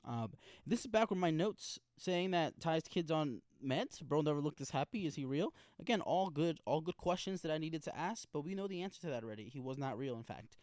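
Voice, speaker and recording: A man's voice: fairly high pitch, lively intonation, brisk, few pauses, a little mellow, dry recording, studio quality. A young man hosting a podcast, casually recapping a TV episode in slangy, profane, rambling talk full of restarts. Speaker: podcast host reviewing a TV episode.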